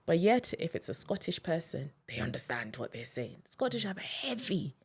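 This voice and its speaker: A young woman with a notably low, deep voice makes her case on a podcast. She is emphatic and animated and presses each point home in a lively studio debate. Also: moderate pace, vocal fry, husky. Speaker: podcast guest. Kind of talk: casual debate.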